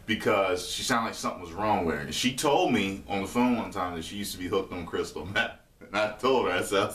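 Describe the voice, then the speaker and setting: A man with a very low voice tells a story in a loose, slangy way, swearing and laughing as he goes. He sits some distance from the mic in an echoey room with a faint hiss behind him. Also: lively intonation, brisk, a bit bright. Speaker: vlogger. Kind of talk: casual storytelling.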